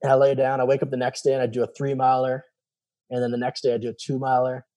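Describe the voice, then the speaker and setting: A man's voice: mid-range voice, monotone, quick pace, warm tone. A man, a former special operations soldier, telling his personal story candidly in an interview, acting out the voices of people he quotes and swearing casually.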